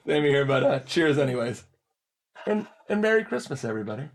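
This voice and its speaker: A man's voice: medium pitch, very animated, fairly quick. A man co-hosting a podcast in casual chat, upbeat and chatty, keeping the tasting game moving. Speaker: podcast co-host.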